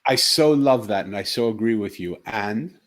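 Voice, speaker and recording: Low-voiced middle-aged man telling a story. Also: normal speed. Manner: earnest, animated storyteller with frequent restarts. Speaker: talk show co-host. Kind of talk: casual chat, storytelling.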